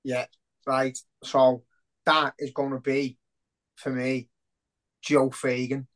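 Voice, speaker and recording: Sweary excitable man. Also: medium pitch, slow pace, poor audio. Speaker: podcast co-host. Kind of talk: casual football chat.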